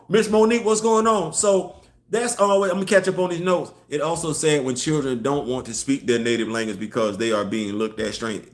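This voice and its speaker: Male streamer, mid-range voice, animated and emphatic, chatting with viewers in an echoey room. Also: mid-range voice. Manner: animated, emphatic, fires off rhetorical questions; reads and answers viewer chat. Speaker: host of a live online show. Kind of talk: casual live-stream commentary.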